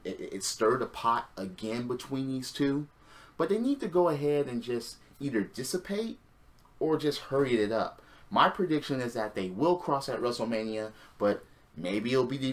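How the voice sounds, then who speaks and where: A man talking through a wrestling episode in a loose, sarcastic monologue. He sighs, swears freely, and his pitch swings widely as he reacts. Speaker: wrestling show reviewer. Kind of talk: casual recap monologue.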